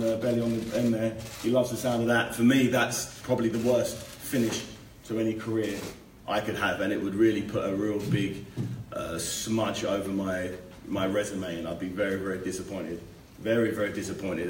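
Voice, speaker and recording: A lower-voiced man gives measured, determined press conference answers, repeating words as he gathers his thoughts. He sounds distant in a reverberant hotel room, with a faint background hiss. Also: a little mellow. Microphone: room mic, heard from a distance. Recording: echoey room, distant mic, faint noise.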